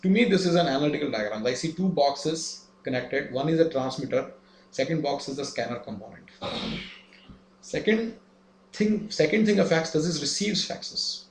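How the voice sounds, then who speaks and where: A man's voice: a little high, expressive, moderate pace, slight background noise. A man giving a lesson, explaining step by step and asking rhetorical questions. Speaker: instructor. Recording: echoey room, faint ambience.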